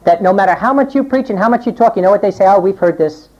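A woman preacher delivering a sermon and reading scripture aloud, acting out quoted voices with big swings in pitch. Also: rapid-fire, a little mellow. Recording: dull lo-fi recording.

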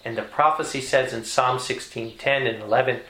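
A man preaching a sermon with emphasis, repeating key phrases and climbing in pitch to stress a point. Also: steady tone, normal speed, pushed and bright. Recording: echoey room.

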